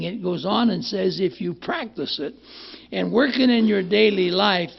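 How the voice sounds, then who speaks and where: An older man shares his story at a recovery meeting in a plainspoken, rambling way, stumbling over and repeating words. His voice sits high and sounds very gravelly and husky. The recording is muffled and lo-fi. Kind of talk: personal testimony at a meeting.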